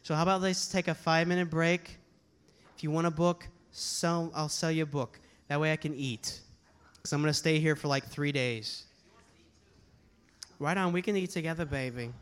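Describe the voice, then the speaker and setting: A man, a touring slam poet, telling a comic story live on stage, animated and casually profane. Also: on the high side, moderate pace, clear, resonant tone. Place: poetry slam venue, live audience.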